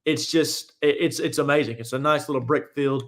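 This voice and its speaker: A man's voice: mid-range voice, fairly even intonation, a little fast. A young man hosting a sports talk show, giving casual, opinionated and rambling commentary with frequent restarts.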